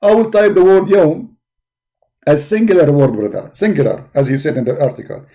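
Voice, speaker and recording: A man's voice: fairly high pitch, moderate pace, dark tone. A man hosting a live call-in debate stream, mocking and insulting his opponents with emphatic repetition, his voice tired. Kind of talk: combative livestream commentary while searching a website.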